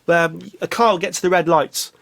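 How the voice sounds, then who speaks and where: A London vlogger from England rambles through a self-mocking comic monologue, his slightly high, a-bit-bright voice moving briskly and swinging widely. He's recording in a small, hot studio.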